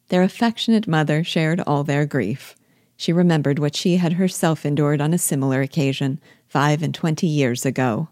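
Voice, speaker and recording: A woman narrating a classic novel aloud in a steady, measured reading style. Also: low voice, dry recording, studio quality. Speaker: audiobook reader and guide. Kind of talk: scripted narration.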